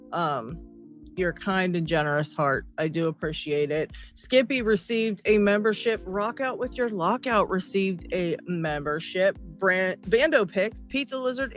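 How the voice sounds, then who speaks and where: A woman hosting a live stream, chatting casually, greeting viewers by name and laughing often. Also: lowish voice. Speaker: livestream host. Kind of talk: casual livestream chat.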